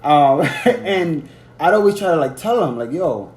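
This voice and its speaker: A man's voice: fairly high pitch, animated, unhurried, a little mellow. A young man in his twenties hosting a casual podcast, telling a loose, profane story and acting out the quotes. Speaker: podcast host. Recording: roomy echo, faint background noise.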